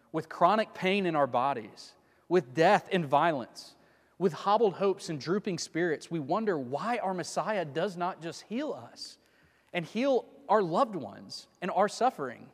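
A man's voice: sits high, lively intonation, measured pace. A man preaching a sermon in a conversational way, often asking his listeners rhetorical questions. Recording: long reverb of a large hall.

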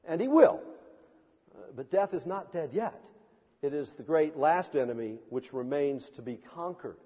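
Husky high-ish guy preaching in a big echoey church, slow and swooping all over. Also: warm tone. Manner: impassioned, emphatic preaching with dramatic swells. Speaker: pastor. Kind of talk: sermon. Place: church sanctuary.

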